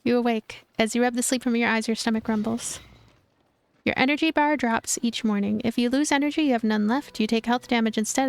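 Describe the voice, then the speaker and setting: A woman's voice: on the high side, a little fast, soft background music. A woman streaming a story game, reading its text aloud with casual asides. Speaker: gaming streamer. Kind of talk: game playthrough with read-aloud narration.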